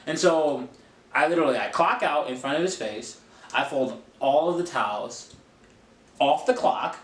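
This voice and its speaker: A man's voice: fairly high pitch, normal speed. A young adult man, a podcast co-host, chatting casually and acting out the voices of the people in his stories. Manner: animated storytelling, acting out quoted voices. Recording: echoey room with faint noise.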